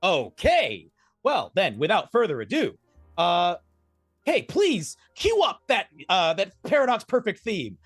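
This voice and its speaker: Animated man running a tabletop game. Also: sits high, measured pace, slightly rough, dry recording, clean studio sound, soft background music. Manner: animated, rambling, self-correcting. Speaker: game master. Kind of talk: narrating a tabletop game on a live stream.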